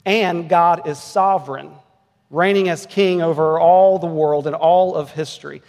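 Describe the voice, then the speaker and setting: Male pastor, forties, earnest sermon voice, a touch high, long church reverb. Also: fairly even intonation, a little slow, a little mellow. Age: 40s. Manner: earnest, rising to emphatic peaks. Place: church sanctuary.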